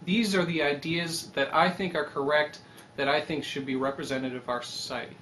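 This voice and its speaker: A young man talking in a rambling, animated casual monologue, swearing freely and pitching his website idea. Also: brisk, a little hiss or hum. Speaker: website creator.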